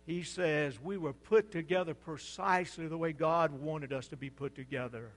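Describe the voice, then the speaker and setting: A high-pitched male preacher delivers his sermon with rising, booming lists that fall away to near-whispers. His voice rings out with a long reverb tail, as in a large hall. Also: normal speed. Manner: preaching with dramatic swells and hushed drops. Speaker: pastor.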